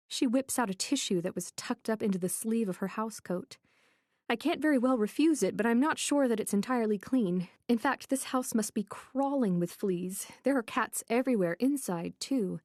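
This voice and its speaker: A woman's voice: a little high, moderate pace, a little mellow, dry recording, studio quality. A woman reading a first-person thriller audiobook with a wry, anxious inner voice. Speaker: audiobook narrator. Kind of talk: scripted first-person narration.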